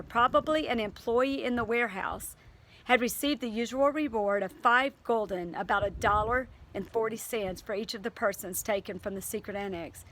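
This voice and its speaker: A woman's voice: fairly high pitch, a bit bright, slight background noise. A woman teacher reading aloud to her class and then talking it over earnestly, with fillers and restarts.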